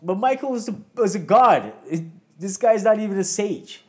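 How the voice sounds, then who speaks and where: A man's voice: high-pitched, expressive, moderate pace. A man in his thirties co-hosting a podcast, chatting casually and arguing his opinions with emphasis. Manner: opinionated, emphatic, laughs often. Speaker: podcast co-host. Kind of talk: casual chat.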